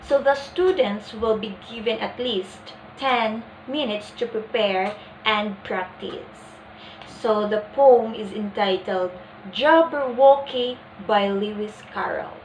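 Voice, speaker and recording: A young woman presenting a lesson plan in a deliberate, explanatory way. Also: mid-range voice, a little mellow, roomy sound, slight background noise, poor audio. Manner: deliberate, acts out example lines.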